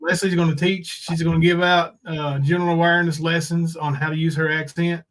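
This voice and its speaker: A man's voice: on the high side, little pitch movement, fairly quick, a bit bright. A man co-hosting a livestream in casual chat, reading viewer comments aloud and joking. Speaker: livestream co-host.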